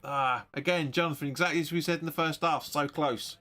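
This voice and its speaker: Sweary, excitable football fan. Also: male voice, on the high side, a little fast. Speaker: host of a football watch-along stream. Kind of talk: live match commentary.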